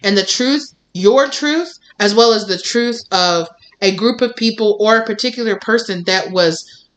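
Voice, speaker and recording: A woman's voice: mid-range voice, measured pace, a bit bright. Rambling woman reading tarot. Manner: rambling, many fillers like "like" and "you know". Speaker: tarot reader. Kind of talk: casual tarot reading to viewers.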